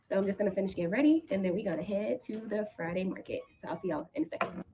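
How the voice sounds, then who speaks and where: A woman's voice: mid-range voice, expressive, racing, background noise. A woman who is a teacher, vlogging casually from her apartment with a chatty, rambling manner full of ums and likes. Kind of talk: casual vlog to camera. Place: apartment, indoors.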